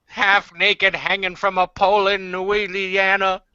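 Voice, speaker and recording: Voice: mid-range voice, level tone, unhurried, bright, forceful tone, clear, resonant tone. A man voicing a shameless old grandmother who boasts about her wild youth, heard on a dull lo-fi video call. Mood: bawdy. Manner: boastful storytelling. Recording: dull lo-fi sound.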